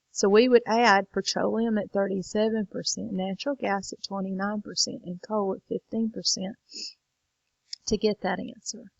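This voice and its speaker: A woman's voice: mid-range voice, creaky, no echo, highs cut off. A woman teacher walking students through a lesson late in the evening, tired and yawning. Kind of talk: recorded lesson walkthrough.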